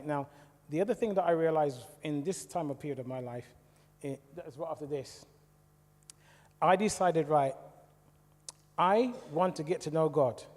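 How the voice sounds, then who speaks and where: A middle-aged church speaker with a British English accent gives a personal testimony in a church hall, telling his story in a lively way and asking the audience questions. His voice is fairly high-pitched, and the recording carries echoey church hall reverb.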